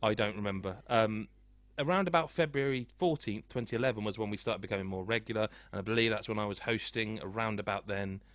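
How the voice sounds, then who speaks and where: A man's voice: lowish voice, fast talker, hardly any pauses, a bit bright, no room sound. A man hosting a casual video game podcast, chatty and self-deprecating, rambling with restarts. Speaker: podcast host. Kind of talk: casual chat.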